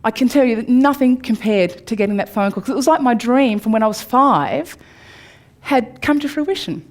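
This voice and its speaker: An Australian woman in her forties tells a candid personal story to a live audience. Her telling swings from upbeat to hushed. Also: a little high, animated, moderate pace. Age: 40s. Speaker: speaker. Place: room before a live audience.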